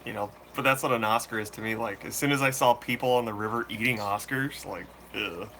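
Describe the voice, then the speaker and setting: A man hosting a fishkeeping channel, chatting casually and answering viewer questions live in a relaxed, slangy way. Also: fairly low pitch, a little fast, creaky, background noise. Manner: laid-back, slangy, chatty. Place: room full of fish tanks.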